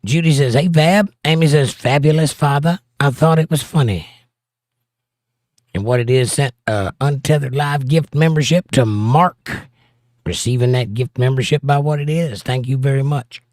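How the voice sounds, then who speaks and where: A man's voice: mid-range voice, moderate pace, a little mellow, no room sound. Middle-aged man, livestream host, casual chat, reads viewer comments, wry asides, dry close sound. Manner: wry, joking asides between read-outs.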